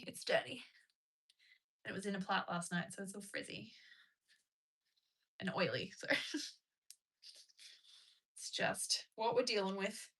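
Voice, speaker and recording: A woman's voice: mid-range voice, a bit bright, slightly rough. A young woman hosting a casual livestream from home, chatting and answering viewer comments. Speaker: livestream host. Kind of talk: casual live-stream chat.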